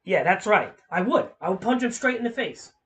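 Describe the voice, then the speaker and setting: A man's voice: high-pitched, very animated, fairly quick, a bit bright. A young man streaming a game, ranting with lots of swearing in frustration. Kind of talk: casual gameplay commentary.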